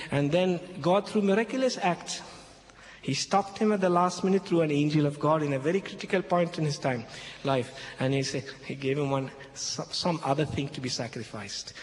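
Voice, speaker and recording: A man with a somewhat high voice explains scripture to an audience in emphatic, slightly broken English, repeating his key points. The sound bounces around a large hall with a long tail of reverb. A faint hum of background noise sits under his voice. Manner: emphatic, repeats key phrases, checks in with "okay?". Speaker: Christian speaker addressing an audience. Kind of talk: expository talk retelling a Bible passage.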